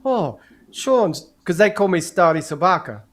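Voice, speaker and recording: A middle-aged man telling stories in casual chat as a guest, lively and acting out the people he quotes. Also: high-pitched, measured pace, slight background noise. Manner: animated, acts out quoted voices with laughs. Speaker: guest, former prisoner of war.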